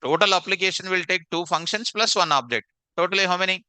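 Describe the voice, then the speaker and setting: A man's voice: sits high, fast talker, bright, forceful tone, clean tone, no room sound. A man teaching a programming class, repeating questions and quizzing his students. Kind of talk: live online coding class.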